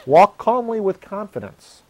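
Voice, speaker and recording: A man's voice: high-pitched, very animated, unhurried. A man hosting his own show, talking in a casual, rambling, self-deprecating way and acting out what people say. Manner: acts out quoted voices. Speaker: host.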